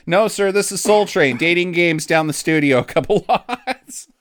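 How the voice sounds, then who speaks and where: A man's voice: high voice, normal speed, fairly bright tone, dry recording, studio quality. A man hosting a casual comedy podcast, joking and laughing, often slipping into mock voices. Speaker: podcast host.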